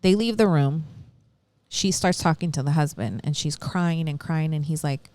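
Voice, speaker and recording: A woman with a fairly low voice recounts a true-crime case in easygoing chat, slipping into the voices of the people she quotes. Her delivery is animated and blunt, with casual swearing. The sound is close and dry, with no room around it. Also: normal speed, no room sound. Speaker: podcast co-host.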